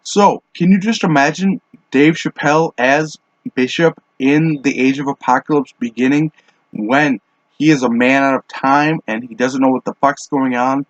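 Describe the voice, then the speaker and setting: A man's voice: medium pitch, fairly even intonation, normal speed, no echo. A man rambling casually through a solo monologue, offhand and full of fillers and restarts, smoking as he talks. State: smoking while talking. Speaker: podcast host. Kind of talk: casual monologue on fan casting. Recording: dull, dry lo-fi home mic.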